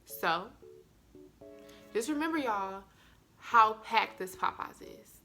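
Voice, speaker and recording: A young woman from the tells her story straight to the camera, animated and chatty. Her voice sits a little high and sounds bright and forceful. Soft music plays faintly underneath. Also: takes it slowly. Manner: animated, addresses viewers as y'all. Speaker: vlogger. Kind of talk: storytime vlog.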